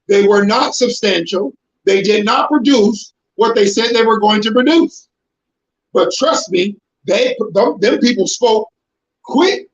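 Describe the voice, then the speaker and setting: A man preaching to a congregation in an emphatic, confrontational way, breaking into shouted bursts. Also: high-pitched. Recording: roomy, dull lo-fi sound.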